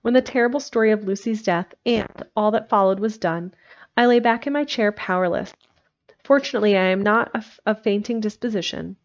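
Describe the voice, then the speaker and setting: A woman reading a classic novel aloud, steady with occasional slips and restarts. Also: medium pitch, fairly quick. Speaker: narrator. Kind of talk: audiobook reading. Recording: dull lo-fi livestream recording.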